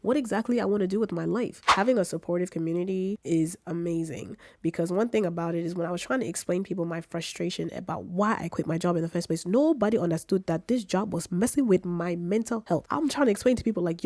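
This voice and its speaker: A woman in her twenties with a British accent who has a cold, telling her story in a casual, animated vlog and acting out her own quotes. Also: fast talker, dry recording. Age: 20s. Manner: animated, acts out her own quotes with big pitch jumps. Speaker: vlogger.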